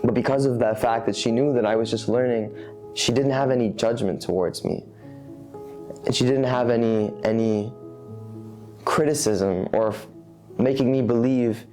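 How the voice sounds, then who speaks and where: A man with a mellow, medium-pitched voice speaks at normal speed as a candid interviewee, leaving long pauses. He rambles reflectively, with frequent fillers and restarts, over a faint bed of music.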